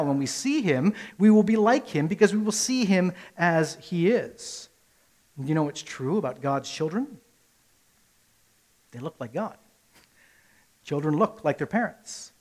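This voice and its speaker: Preaching man, somewhat high voice. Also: a little mellow. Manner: earnest, rises to emphatic peaks then drops low; rhetorical questions and repetition. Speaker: pastor. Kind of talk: sermon.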